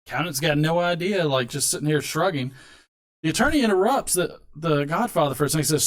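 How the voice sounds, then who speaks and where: A man's voice: fairly high pitch, expressive, a little fast. A man hosting a casual live stream, chatting, rambling and laughing as he tells a long joke. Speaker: host.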